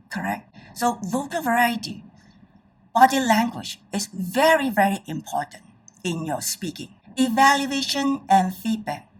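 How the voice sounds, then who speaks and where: Woman public speaking trainer, lively high voice, husky, mic set some way off; emphatic, checks in with listeners. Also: far from the mic, poor audio. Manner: emphatic, checks in with the audience often. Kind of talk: presentation to an audience.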